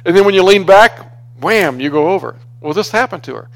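A man's voice: high voice, a little fast, vocal fry. A man preaching in a conversational storytelling way, often restarting his sentences. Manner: conversational, restarts often, grows animated when exasperated. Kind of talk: storytelling sermon.

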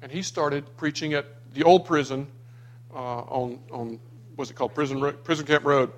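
Man telling family stories, a touch high. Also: fairly even intonation, normal speed. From Florida. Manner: anecdotal, acts out quoted people. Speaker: speaker sharing memories of his father. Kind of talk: personal storytelling to a small gathering.

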